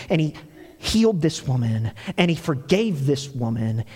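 A man preaching a sermon, telling stories with animated delivery and acting out quoted lines. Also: mid-range voice, a little slow, slightly rough, big-room sound. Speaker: pastor.

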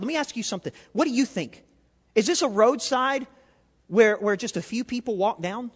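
A man's voice: extremely high pitch, animated, moderate pace, slightly rough. A man preaching a sermon, asking the congregation questions and telling a story along the way. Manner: interactive, asks audience questions, storytelling. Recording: reverberant hall.

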